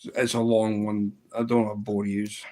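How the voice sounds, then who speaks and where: A man's voice: lowish voice, little pitch movement, moderate pace, darkish tone. Chatty man hosting a fly-tying livestream. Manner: chatty, answers viewer questions and tells jokes. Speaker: livestream host. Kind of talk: casual livestream chat while fly tying. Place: indoors at a tying bench.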